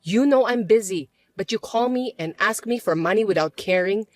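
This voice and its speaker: A woman's voice: medium pitch, moderate pace, dry recording, faint music behind, close to an everyday voice. A woman voicing a hurt, hardworking young adult daughter in a synthetic story narration, speaking plainly and defensively.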